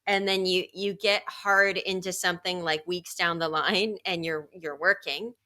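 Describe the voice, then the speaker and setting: A woman with a lowish, bright and forceful voice chats candidly as a podcast co-host. She rambles a bit and laughs often. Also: steady tone, measured pace. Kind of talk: casual chat.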